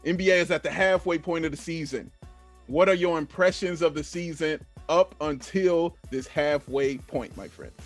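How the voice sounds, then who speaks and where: A man's voice: fairly high pitch, normal speed, soft background music. A man hosting a sports podcast, steering the talk and teasing his co-hosts. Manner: steady moderator who teases. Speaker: podcast host. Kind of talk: casual sports chat.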